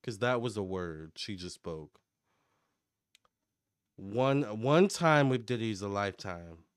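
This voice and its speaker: A man giving a casual psychic tarot reading to camera, chatty and excitable as he relays what he picks up in a running commentary. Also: lowish voice, slow, clean tone, dry recording, studio quality. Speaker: tarot reader and medium.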